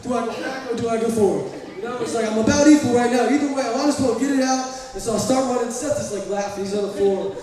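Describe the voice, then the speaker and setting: A Southern man in his thirties preaches to his church, telling lively stories with self-deprecating humor. His voice sits high for a man. The sound is distant and echoey, with a long hall tail. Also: fast talker, few pauses, a crowd in the background. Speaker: pastor. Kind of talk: sermon. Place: church sanctuary.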